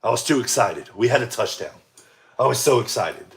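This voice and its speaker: A young American man giving casual play-by-play commentary, excitable, shouting on big plays and laughing at his own slips. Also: medium pitch, a little fast, vocal fry, a little hiss or hum. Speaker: amateur sports commentator.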